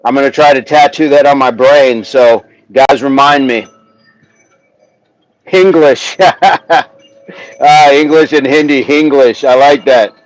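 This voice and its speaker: Slow-talking man chatting on a livestream. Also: medium pitch, steady tone, no echo, low-quality recording. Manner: chatty, reads chat aloud, sounds out words slowly. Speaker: livestream host. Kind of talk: casual livestream chat. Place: outdoors, windy, a tree behind him.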